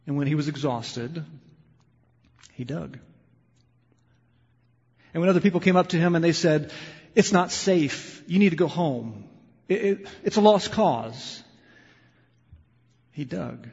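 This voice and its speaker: A male pastor preaching a sermon, moving between loud, impassioned emphasis and quiet, hushed storytelling. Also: fairly high pitch, expressive, unhurried, vocal fry, pauses often, breathy edge. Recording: lo-fi sound with long hall reverb.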